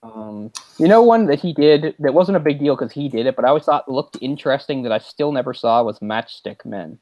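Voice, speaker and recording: A man co-hosting a podcast, rambling through a casual movie chat, getting animated and laughing as he retells scenes. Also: mid-range voice, fairly quick, no echo, lo-fi sound. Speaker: podcast co-host.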